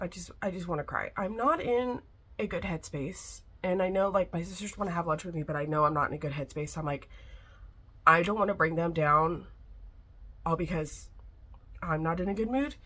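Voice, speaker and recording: A young woman with a slightly low voice chats frankly to a camera at home. She talks in a loose, conversational way and sounds a little worn down. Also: a bit bright. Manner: chatty, frank, a little frustrated. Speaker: vlogger. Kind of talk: casual reading vlog.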